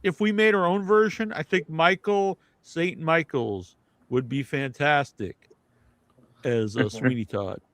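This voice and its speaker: A man's voice: on the high side, measured pace, dry recording, low-quality recording. A man hosting a casual live podcast chat, rambling with lots of filler words. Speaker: podcast host. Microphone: video call.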